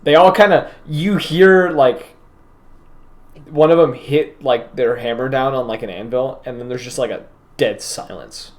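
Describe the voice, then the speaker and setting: A man's voice: mid-range voice, measured pace. A man narrating and running a tabletop game as game master, describing scenes loosely and with laughs.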